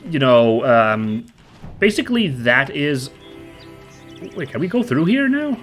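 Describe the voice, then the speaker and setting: A man's voice: medium pitch, big pitch swings, takes it slowly, fairly bright tone. A man hosting a video game let's play, chatting in a rambling, upbeat way. His voice is a touch stuffy and nasal from a cold. Faint game music sits underneath. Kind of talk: casual gameplay commentary.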